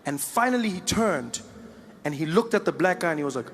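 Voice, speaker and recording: A man from Africa, doing stand-up with animated storytelling. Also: a little high, brisk, gravelly, big-room sound, a crowd in the background, noisy background. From South Africa. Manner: animated storytelling, laughing asides. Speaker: stand-up comedian. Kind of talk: stand-up comedy.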